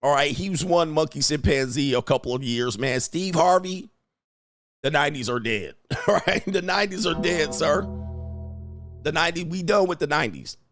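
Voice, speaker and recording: Male host, AAVE, mocking trash talk, slightly high voice, dry sound. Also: animated, moderate pace, a bit bright, no echo, soft background music. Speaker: show host. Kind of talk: casual commentary monologue.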